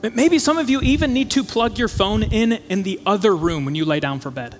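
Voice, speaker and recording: High-voiced pastor preaching in a reverberant hall. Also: male voice, a little fast. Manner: conversational, animated preaching with acted-out quotes. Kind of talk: sermon. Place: church auditorium. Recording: church hall reverb with faint music.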